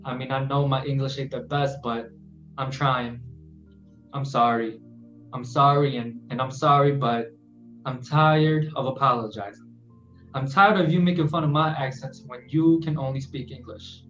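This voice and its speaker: A man performing his own spoken word poem on a podcast, earnest and measured. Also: mid-range voice, steady tone, soft background music. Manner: earnest, measured delivery that slows and softens. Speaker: guest poet. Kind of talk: spoken word poetry reading. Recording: roomy, muffled podcast audio.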